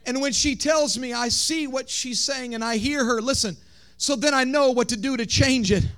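A male pastor, preaching a sermon that swings from shouted, sung lines to quiet talk. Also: very high voice, moderate pace, clear, resonant tone. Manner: preaching, shouting and half-singing in rises, then dropping soft.

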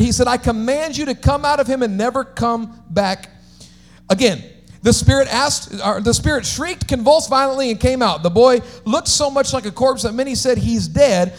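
A man preaching a sermon as pastor, swinging between shouted, sing-song climaxes and quiet, conversational asides. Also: extremely high pitch.

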